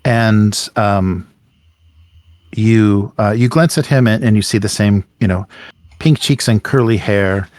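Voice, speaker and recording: Male game master, low voice, dry close sound, hesitant narration full of fillers. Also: darkish tone, no room sound. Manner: halting, many fillers and restarts.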